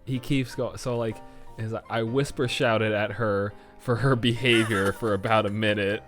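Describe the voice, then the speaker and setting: A man's voice: lowish voice, fairly even intonation, moderate pace, fairly bright tone, faint music behind. A young man co-hosting a casual comedy podcast, swearing freely, laughing often and reading a story aloud. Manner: crude, laughing, reads a story aloud and acts out voices. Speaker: podcast co-host.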